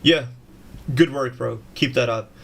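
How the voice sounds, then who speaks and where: A man's voice: medium pitch, measured pace, gravelly, a bit bright. A man chatting casually on a music production livestream, slangy and swearing, calling everyone bro. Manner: slangy, swears freely, says "bro" a lot.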